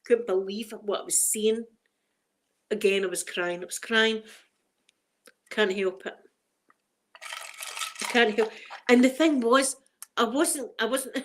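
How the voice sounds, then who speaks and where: A woman's voice: a little high, takes it slowly, pauses often, a little hiss or hum. Scottish mum rambling to her stream chat, laughs a lot, gets emotional, middle-aged. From Scotland. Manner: chatty, emotional, laughs often, greets chat by name. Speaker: ASMR live streamer. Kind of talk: casual live-stream chat.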